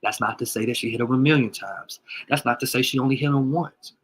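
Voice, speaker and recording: A man's voice: medium pitch, fast talker, husky. A man speaking to his followers in a casual vlog as an emotional father, his voice crackling as he stumbles and repeats words.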